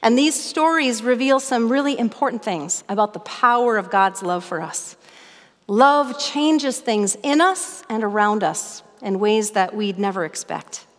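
A middle-aged woman from northern Minnesota preaching a sermon as pastor, telling stories in an earnest, animated way. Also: fairly high pitch, measured pace, in a large hall. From northern Minnesota, USA.

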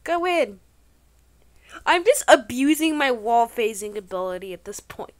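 Excitable woman narrating her gameplay. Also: a little high, unhurried. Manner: excitable, bursts of exclamations; playful trolling banter, slangy. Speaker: gaming channel host. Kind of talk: gameplay commentary.

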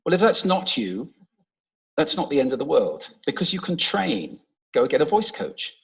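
A man gives a talk to a large audience, in a slightly husky voice. He plays with his delivery, and his pitch swings widely and lively from phrase to phrase. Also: moderate pace, low-quality recording. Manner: expressive, playful, demonstrates voice techniques. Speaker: speaker giving a talk on stage. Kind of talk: public talk with vocal demonstrations. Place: large stage before an audience. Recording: played from a talk recording.

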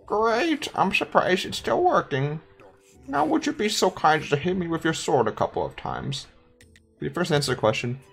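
A woman voicing a polite, gentle male zombie with a put-on German accent, in a higher sing-song voice. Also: sing-song, moderate pace, vocal fry, breathy edge, faint music behind, full character voice. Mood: courteous. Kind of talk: voicing game dialogue.

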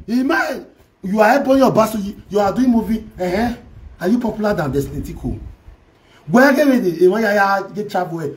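A woman's voice: medium pitch, poor audio. A woman with a Nigerian Pidgin English accent hosting a celebrity gossip vlog, teasing and mocking as she talks. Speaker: gossip show host.

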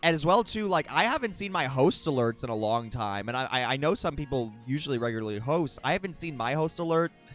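Animated, swearing male game streamer. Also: mid-range voice, a little fast, few pauses, soft background music. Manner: animated, swears a lot, goes on dramatic mock rants. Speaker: Twitch streamer. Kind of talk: live gameplay streaming chat.

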